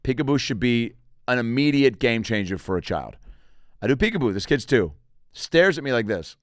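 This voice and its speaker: Animated comedian doing a podcast monologue. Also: male voice, mid-range voice, normal speed, dry recording. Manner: animated storytelling, jumps into voices. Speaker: comedian host.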